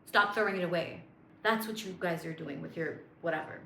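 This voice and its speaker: A woman's voice: fairly low pitch, fairly quick, creaky, pushed and bright, reverberant, a little hiss or hum. A woman coaching viewers on manifestation in a chatty, playful way, with lots of fillers and self-amused asides. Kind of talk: casual spiritual coaching monologue.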